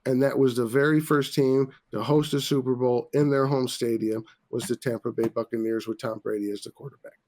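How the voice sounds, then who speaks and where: A man's voice: medium pitch, steady tone, brisk, few pauses, a little mellow. A man hosting a casual podcast, ranting profanely about sports after a few drinks. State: tipsy. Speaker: podcast host.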